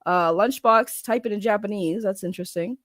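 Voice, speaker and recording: A woman's voice: medium pitch, fairly quick, a bit bright, dry recording, studio quality. A woman hosting a casual livestream with a sore throat from a cold. She chats and greets viewers by name. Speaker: livestream host.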